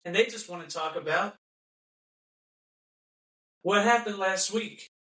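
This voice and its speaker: A man with a high, bright voice rants through a mocking monologue and keeps circling back to repeat his points. He sounds set back from the microphone in a room with a lot of echo. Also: slow pace. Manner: ranting, repetitive, mocking, acts out quoted voices. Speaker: podcast host. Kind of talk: impassioned monologue. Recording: echoey room, voice from a distance.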